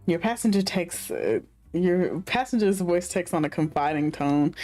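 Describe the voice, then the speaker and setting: A woman's voice: fairly low pitch, animated, moderate pace, dark tone, soft background music. A woman game streamer reading the story narration aloud, breaking off into chatty asides full of fillers.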